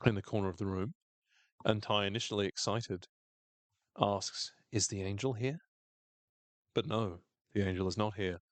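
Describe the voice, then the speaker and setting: A man co-hosting a casual podcast recap, animated and jokey, acting out lines in quick silly voices. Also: fairly low pitch, no echo. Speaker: podcast co-host.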